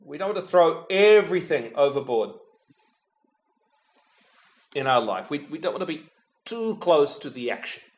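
In a fairly high voice with big swings in pitch, a man delivers a reflective, prayerful homily at a moderate pace, leaving long pauses. He speaks straight to Jesus, falling to a hush every time he says the name, and adds touches of gentle humor.

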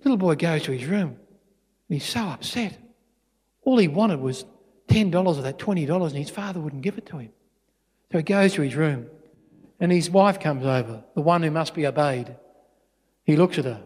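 A middle-aged Australian man giving a storytelling witness talk in a church, animated and full of restarts. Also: on the high side, normal speed, pauses often, breathy edge. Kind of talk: storytelling sermon. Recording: long church reverb.

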